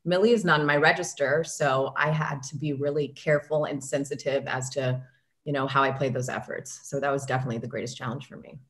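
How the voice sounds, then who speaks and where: A woman's voice: extremely low pitch, fairly even intonation, fast talker, fairly bright tone. A woman voice actor talking earnestly about her craft in a casual panel discussion.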